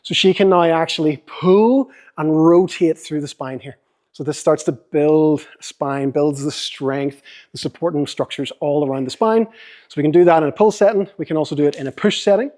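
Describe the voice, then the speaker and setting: A young Northern Irish man running a fitness seminar, cheerful and joking as he talks a volunteer through each exercise. His voice sits a little high for a man. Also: a little fast, a little mellow. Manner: upbeat, joking, coaching a volunteer. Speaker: fitness coach. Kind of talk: seminar demonstration.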